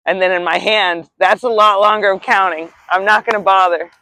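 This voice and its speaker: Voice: mid-range voice, fairly even intonation, a little fast, bright, forceful tone, dry recording. A spiritual vlogger musing casually at a beach, rambling and reflective, with the odd swear word.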